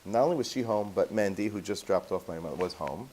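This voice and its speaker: A rabbi with a low, mellow voice tells a personal story to his class. He talks in a lively, anecdotal way and drops Yiddish and Hebrew words along the way. He sounds relaxed and conversational. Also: fast.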